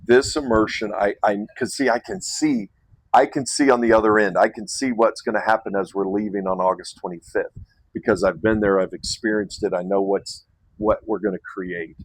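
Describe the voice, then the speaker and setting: Low-voiced man rambling warmly. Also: normal speed, poor audio. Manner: rambling, restarts and self-corrections, chuckles. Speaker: men's retreat host. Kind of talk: casual invitation to camera.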